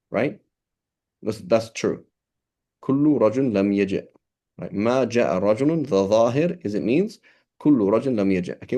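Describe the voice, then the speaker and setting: A man gives a classroom lecture in a loose, conversational way. He often trips into restarts and keeps checking with "right?", dropping Arabic terms into his English. His voice sits a little low. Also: mellow. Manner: switches between English and quoted Arabic terms. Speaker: teacher.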